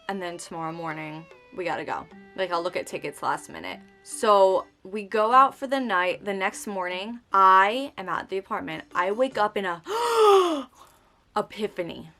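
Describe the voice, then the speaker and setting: A young woman telling a story to her camera in a chatty, dramatic way, acting out quotes with sudden high outbursts. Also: pushed and bright. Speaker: vlogger. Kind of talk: casual storytime chat.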